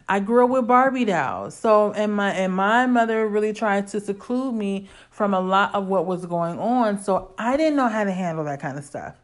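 A woman in her forties from Illinois, telling a personal story in a candid, conversational way with casual slang. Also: on the high side.

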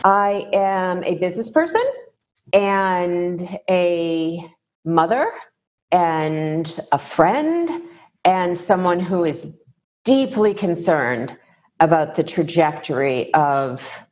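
A middle-aged woman from the United States, answering interview questions in a thoughtful, measured way with pauses. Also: fairly low pitch, animated, darkish tone. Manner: thoughtful, measured, pausing to find words. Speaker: podcast guest.

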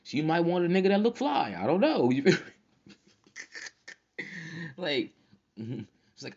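A man's voice: fairly high pitch, big pitch swings, unhurried, gravelly, pauses often, darkish tone, muffled recording. A man hosting a casual solo podcast, slangy and profane, often laughing as he tells stories. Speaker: podcast host.

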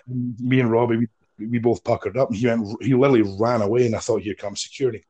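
A man in his forties, a wrestler guest telling stories in a casual interview, animated and swearing freely. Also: mid-range voice, brisk, breathy edge. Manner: animated storyteller, swears freely, acts out quotes.

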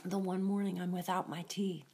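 A woman's voice: on the low side, flat delivery, moderate pace, a little mellow, slightly rough. A woman hosting a casual devotional talk, often laughing and thinking aloud as she goes. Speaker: host of a devotional show.

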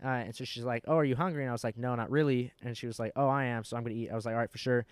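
A man's voice: medium pitch, level tone, rapid-fire, smooth, dry recording. A young man hosting a podcast, telling a story in casual, profane chat, full of filler words. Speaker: podcast host.

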